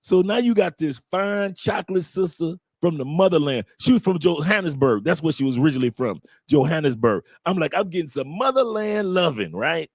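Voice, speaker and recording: A man's voice: a little high, expressive, fairly quick, few pauses, dry recording, clean studio sound. Joking American man telling a bawdy story. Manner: loose, bawdy and joking, with acted-out quotes. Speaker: host. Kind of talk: casual storytelling to a live audience.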